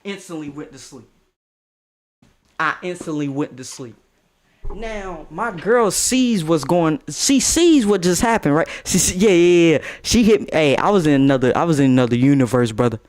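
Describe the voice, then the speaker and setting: A young man telling a casual storytime tale in a lively, slangy way, laughing as he goes. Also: fairly high pitch, moderate pace.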